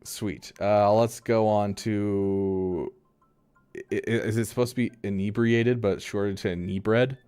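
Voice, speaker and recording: Man, low voice, casual live-stream chat, rambling and laughing, faint music behind. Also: fairly even intonation, unhurried, mellow, clear, resonant tone. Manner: rambling, restarts sentences, laughs often.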